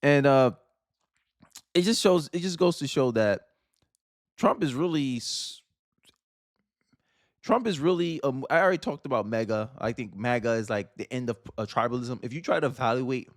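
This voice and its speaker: A man talking straight to camera in a blunt, opinionated rant, pitched right in the middle for a man. The sound is dry and close, with no room around it. He reacts to clips in a loose, conversational way. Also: moderate pace, no room sound. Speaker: political commentator. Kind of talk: casual video commentary.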